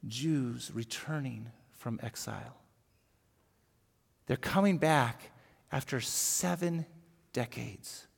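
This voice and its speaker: A man's voice: mid-range voice, creaky, darkish tone, husky. A man preaching a conversational sermon as pastor, often repeating words and asking rhetorical questions. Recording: echoey hall with long reverb.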